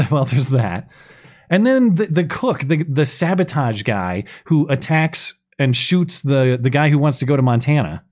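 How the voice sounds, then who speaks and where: Podcast guy griping about a movie, sarcastic and chatty, normal mid pitch. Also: unhurried. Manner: chatty, sarcastic, animated complaining. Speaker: podcast host. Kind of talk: casual chat reviewing a film.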